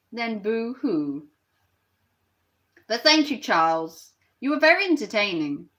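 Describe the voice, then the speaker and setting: A woman's voice: medium pitch, pushed and bright. A woman ranting on a live stream and reacting to her chat, sarcastic and mocking.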